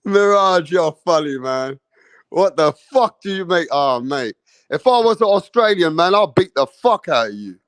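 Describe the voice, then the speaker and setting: A man's voice: fairly high pitch, sing-song, normal speed, a bit bright, no echo. A man who hosts boxing commentary, mocking and taunting a viewer in a profane, repetitive rant. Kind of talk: ranting reaction commentary.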